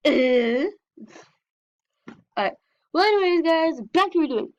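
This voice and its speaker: A young woman gives casual, chatty commentary while she plays an online game. Her voice sits high and bright. The recording is dull and a bit lo-fi. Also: very animated, a little slow, pauses often. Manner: chatty, reads game text aloud. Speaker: gameplay vlogger. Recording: dull lo-fi sound.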